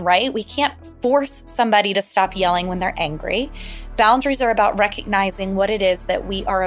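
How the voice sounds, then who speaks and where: Calm woman hosting an advice podcast. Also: mid-range voice. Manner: calm, explanatory, direct address. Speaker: relationship podcast host.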